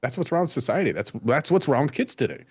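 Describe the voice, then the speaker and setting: A man's voice: mid-range voice, big pitch swings, fast talker, darkish tone, slightly rough. A man co-hosting a podcast, talking in a laid-back, profane, easygoing way. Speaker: podcast co-host. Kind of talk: casual crude podcast banter.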